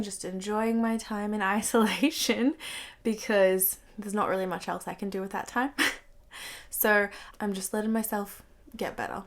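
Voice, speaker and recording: A young woman talks casually to her camera from her bedroom, her voice stuffy and croaky from being sick. She rambles in a chatty way, sprinkling "like" through almost every phrase, at an ordinary pitch for a woman. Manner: chatty, fills speech with "like". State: congested and croaky from a cold. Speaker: beauty vlogger.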